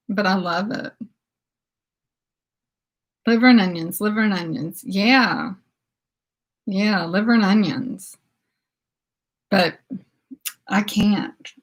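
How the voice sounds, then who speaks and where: Slow-talking giggly woman in her fifties. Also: mid-range voice, slightly rough. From southern United States. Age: 50s. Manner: giggly, exclaims "oh my goodness" often. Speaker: beauty channel host. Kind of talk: casual livestream chat reading viewer comments.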